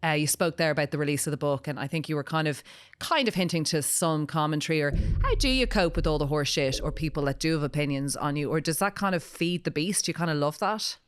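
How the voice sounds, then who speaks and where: A woman's voice: sits low, quick pace, smooth, no room sound, studio quality. A woman hosting a podcast in casual conversation, telling anecdotes and acting out quoted dialogue. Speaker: podcast host.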